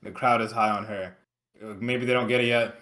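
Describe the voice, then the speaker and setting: Chill dude cohosting, bright voice, slow easy reactions. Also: male voice, fairly low pitch, fairly even intonation. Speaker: podcast co-host. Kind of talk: casual profane chat.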